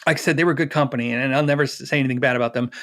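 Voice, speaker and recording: A middle-aged man being interviewed, telling a personal story in a lively way, acting out the dialogue and laughing often. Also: medium pitch, rapid-fire. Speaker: interview guest.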